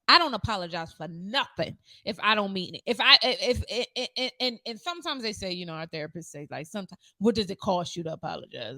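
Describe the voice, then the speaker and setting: Animated high-voiced woman arguing bluntly. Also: no room sound, poor audio. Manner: blunt, emphatic, argumentative, swears freely. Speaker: co-host. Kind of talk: casual podcast chat reviewing a reality show.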